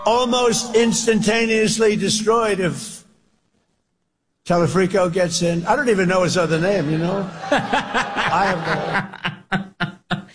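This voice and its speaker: A man's voice: sits high, slow pace, pauses often, noisy background. A man giving a rambling, emphatic campaign speech, repeating his points. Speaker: politician speaking at events. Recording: reverberant hall recording.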